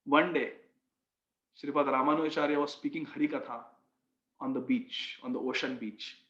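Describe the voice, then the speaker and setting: A man preacher telling a story in a sermon, animated and fond of repeating phrases. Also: mid-range voice, moderate pace. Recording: echoey, dull sound.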